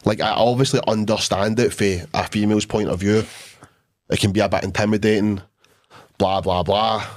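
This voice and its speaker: Scottish guy, young, low voice, sweary storyteller on a casual podcast. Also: steady tone, moderate pace. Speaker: podcast co-host. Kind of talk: casual chat.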